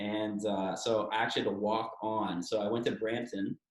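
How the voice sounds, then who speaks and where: This Toronto man in his thirties, once a hockey player, speaks as an interview guest with candor, plenty of swearing, and acted-out quotes from others. He talks at a normal speed with few pauses, in a fairly low, slightly bright voice with fairly even intonation; the room echoes.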